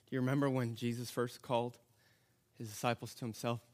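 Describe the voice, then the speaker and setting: A man's voice: medium pitch, brisk. A man preaching a sermon in a conversational style, telling the story with animation and breaking off to restart sentences. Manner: animated storytelling, acting out the characters. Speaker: pastor.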